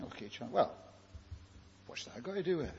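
A man's voice: on the high side, big pitch swings, fairly quick, gravelly, darkish tone, slight background noise. A man preaching a sermon, telling the story dramatically and firing rhetorical questions at his listeners. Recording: echoey hall, dull lo-fi recording.

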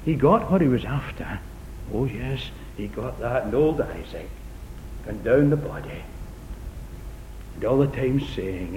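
Male preacher, middle-aged, earnest, dramatic swings from loud to hushed, echoey dull recording, low rumble. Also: very animated, measured pace, long pauses. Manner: earnest, repeating key phrases for emphasis. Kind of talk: sermon.

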